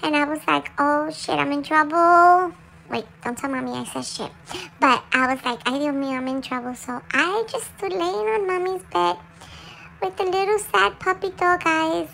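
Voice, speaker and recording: A woman voicing a small, excitable pet dog, chatting and mixing English with Spanish as it tells its side of the story. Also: high-pitched, normal speed, gravelly, a little hiss or hum, heavily acted, rough recording. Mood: chatty confessional. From Puerto Rico. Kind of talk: confessional monologue in a dog's voice.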